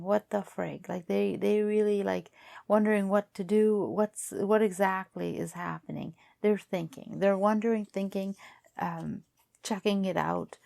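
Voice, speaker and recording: A woman with a lowish voice reads tarot cards in a casual, thinking-out-loud way. Her voice is strained because she is losing it. She circles back over her words in halting, repeated phrases. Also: gravelly. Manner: musing aloud, halting and repetitive. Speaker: tarot reader. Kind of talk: casual tarot card reading.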